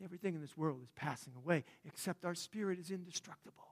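A man preaching a sermon in a conversational way, dropping to a hush and then rising to fervent emphasis. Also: a little high, fast talker. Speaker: pastor.

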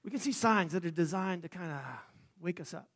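A man preaching a sermon, praying and then telling a story dramatically, swelling loud and dropping to a hush. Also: sits high, fairly quick. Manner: dramatic, swelling and hushing by turns. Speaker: pastor.

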